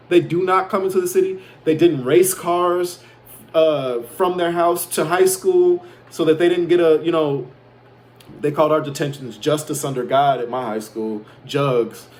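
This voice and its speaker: This self-proclaimed prophet vlogger from Chicago has a slightly high, slightly mellow voice. He boasts and rants through a rambling, casual monologue, swearing freely in a profane, defiant way.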